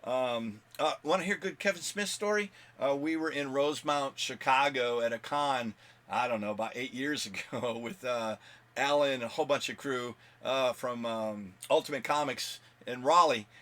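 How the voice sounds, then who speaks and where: A man's voice: medium pitch, normal speed, fairly bright tone. A man hosting his own comic book video blog, talking casually and rambling with many fillers. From United States. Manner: rambling, chatty, with fillers and laughs. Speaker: comic book channel host.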